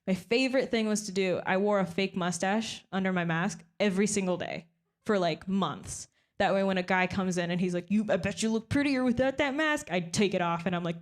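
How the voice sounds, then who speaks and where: A young woman performing a stand-up comedy set, deadpan and self-mocking, often breaking into little laughs. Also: medium pitch.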